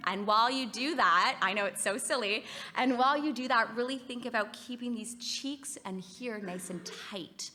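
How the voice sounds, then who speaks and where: Bright upbeat Canadian woman presenter. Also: on the high side, moderate pace. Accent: Canadian English. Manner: upbeat, encouraging, leads the audience in exercises. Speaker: music therapist presenter. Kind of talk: conference presentation. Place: conference hall.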